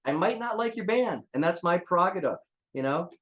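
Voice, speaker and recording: A man's voice: sits high, lively intonation, fairly quick, a bit bright. An older man, a drummer being interviewed, talking bluntly and casually with jokes and swearing. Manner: blunt, joking, swears freely. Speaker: drummer guest.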